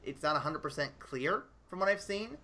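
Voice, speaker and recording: A man's voice: a little high, expressive, moderate pace, bright, forceful tone. A man hosting a podcast, running through game news in a loose, profane way with frequent ums and laughs. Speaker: podcast host. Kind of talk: casual podcast chat.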